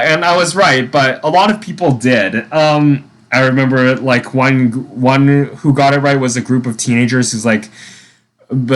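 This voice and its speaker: A man's voice: mid-range voice, a bit bright. Young male vlogger, casual diary storytelling, loose and rambling, mid-range voice. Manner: rambling, many fillers and restarts.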